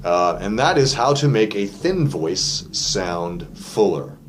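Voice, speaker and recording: A man coaching singers in a loose, chatty lesson from his vocal studio. His voice sits low yet moves around a lot in pitch, and his explanations keep tumbling out with fillers. Faint background noise sits under him. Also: sing-song, slow. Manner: demonstrates sung vowels and cartoon voices between explanations.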